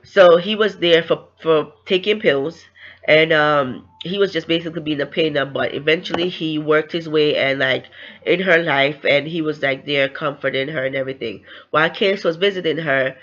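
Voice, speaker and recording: A woman's voice: low voice, moderate pace, fairly bright tone, dull audio. Chatty woman retelling a novel's plot. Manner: chatty, loosely retells scenes and acts out the characters' lines. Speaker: book reviewer. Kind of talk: casual book recap.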